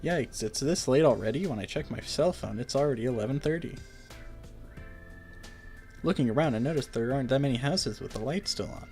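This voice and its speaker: A man's voice: medium pitch, fairly quick, a little mellow, faint music behind. A man hosting a game playthrough, reading the story text aloud and breaking off with dry, joking asides. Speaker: let's play host.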